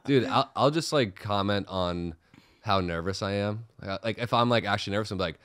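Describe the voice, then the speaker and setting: A man's voice: on the low side, normal speed, fairly bright tone, smooth, no echo, studio quality. A man co-hosting a podcast, telling laid-back stories in casual chat and saying "dude" a lot. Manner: laid-back storytelling, says "dude" often. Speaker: podcast co-host.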